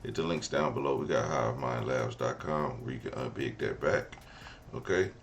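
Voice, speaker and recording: A man hosting his channel, energetic and slangy as he hypes his viewers and promos. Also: a bass voice, normal speed, slight background noise. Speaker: host. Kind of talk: hyped vlog commentary.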